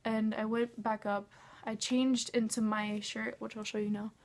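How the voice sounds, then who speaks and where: A woman's voice: fairly high pitch, little pitch movement, a little slow. A young woman telling a casual storytime vlog about meeting her idol. She gushes, says "like" constantly and acts out what everyone said. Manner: gushing, says "like" a lot, acts out quotes. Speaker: fan telling a concert story.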